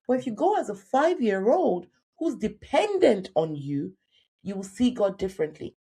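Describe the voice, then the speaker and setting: A career coach in her thirties, born in Nigeria, tells a personal story during a podcast interview. She speaks at a medium pitch and is animated, acting out the voices of the people she quotes.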